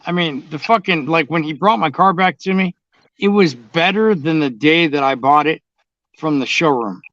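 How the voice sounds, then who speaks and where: Casting note: a blunt man who swears freely, voice on the higher side, dull lo-fi recording. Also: moderate pace, fairly bright tone, no echo. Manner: blunt, swears constantly, drawling storyteller. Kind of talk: casual profane chat. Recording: dull, dry lo-fi sound.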